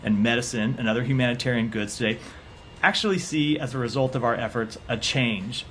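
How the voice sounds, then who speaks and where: A man answering questions at a press briefing as a government spokesperson, in measured, formal, carefully hedged wording. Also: medium pitch, fairly even intonation, a bit bright, slight background noise.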